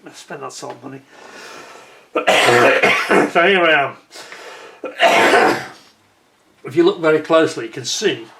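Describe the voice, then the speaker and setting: A man's voice: on the high side, takes it slowly, creaky, long pauses, noisy background. A man narrating his holiday footage as a travel vlogger, telling the story as an indignant, exasperated rant.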